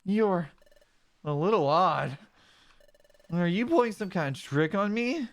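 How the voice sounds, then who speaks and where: A man's voice: sits high, sing-song, a little slow, voice pushed up, exaggerated voice. A man voicing a friendly, earnest young Mudkip in a game, raising his voice well above his own. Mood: curious. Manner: raised, earnest storybook voice.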